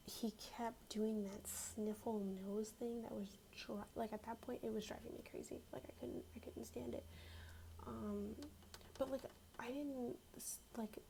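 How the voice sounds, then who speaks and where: A young woman telling a story in a soft-spoken ASMR style, casual and slangy, often slipping into a whisper. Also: medium pitch, vocal fry, slight background noise, low-quality recording.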